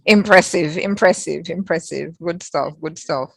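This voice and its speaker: A woman's voice: low voice, unhurried, gravelly, breathy edge. A woman hosting an interview, affirming and echoing her guest's answers. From Jamaica. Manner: affirming, repeats phrases, many backchannels. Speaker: interviewer host.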